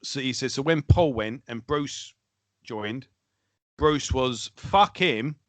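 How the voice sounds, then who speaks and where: A man's voice: mid-range voice, takes it slowly, no echo. Man, rambling podcast co-host, dry close sound, casual chat. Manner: rambling, loses his train of thought.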